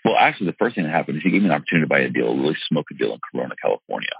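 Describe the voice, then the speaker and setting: A man's voice: very deep voice, big pitch swings, very fast, vocal fry, slightly rough, no room sound, highs cut off. A man telling his personal story in an interview in an earnest, emphatic way, restarting often as he goes. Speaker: real estate investor and seminar teacher.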